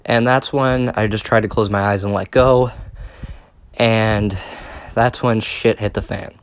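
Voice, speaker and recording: A man's voice: fairly low pitch, fairly even intonation, unhurried, clear, resonant tone. A young man telling a casual storytime, rambling and swearing with many fillers and restarts. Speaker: vlogger.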